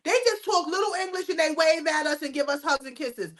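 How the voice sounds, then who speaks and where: A woman's voice: high-pitched, brisk. A woman hosting a casual chat show, talking bluntly and emphatically and laughing often. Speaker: host.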